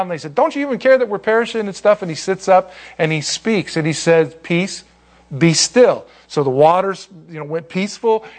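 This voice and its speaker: A man leads an informal Bible class, talking in a chatty, animated way. His voice sits a little high. He restarts phrases often and drifts into asides. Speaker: pastor teaching a Bible study.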